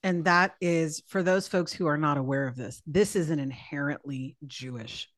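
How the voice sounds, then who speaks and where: Man, podcast host, brief affirmations, somewhat high pitch, dry close sound. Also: moderate pace, a bit bright, no room sound.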